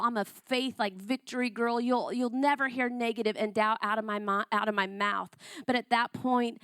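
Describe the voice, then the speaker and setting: A woman's voice: a little high, dry recording, studio quality. A woman preaching a sermon, telling a personal testimony in an emotional, conversational way and often repeating herself.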